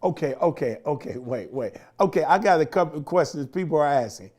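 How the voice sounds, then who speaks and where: A man hosts a casual chat and fires off playful, incredulous questions. His pitch swings widely, giving his voice a very lively sound. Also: a little fast. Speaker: host.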